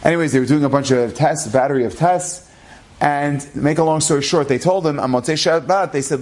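A man telling a true-life story aloud in a lively storyteller's manner, acting out the characters. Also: on the high side, brisk. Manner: animated, acts out the characters' lines. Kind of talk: spoken storytelling.

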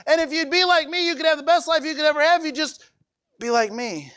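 A man voicing a loving, gentle male savior who pleads earnestly and patiently. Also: very high-pitched, quick pace, voice pushed up. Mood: tender.

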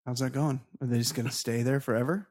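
A man's voice: mid-range voice, steady tone, fast, a little mellow, slightly rough. A male comedy podcast co-host bantering casually, swearing freely and pressing his points with indignant emphasis. His voice sits in an ordinary middle register.

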